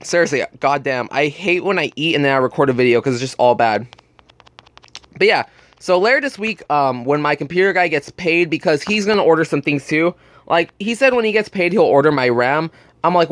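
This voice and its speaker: A young man who hosts a gaming channel tells a blunt, profane story about work in a casual vlog, burping because he just ate. His voice is on the high side and fairly quick, with no room sound.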